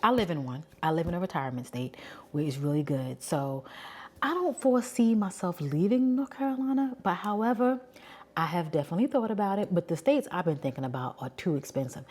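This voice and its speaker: Low-voiced chatty woman from New York. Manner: chatty, candid, thinking out loud. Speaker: vlogger. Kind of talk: casual talk to camera.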